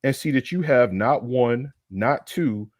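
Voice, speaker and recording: A man's voice: mid-range voice, unhurried, no echo, studio quality. A man co-hosting a casual sports talk livestream, brash and profane, building into heated rants. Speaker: co-host.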